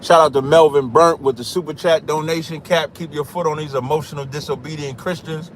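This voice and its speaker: A man's voice: fairly high pitch, steady tone, a little fast, a little hiss or hum. A man hosting a call-in livestream, reading scripture aloud and talking over interrupting callers. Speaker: livestream host.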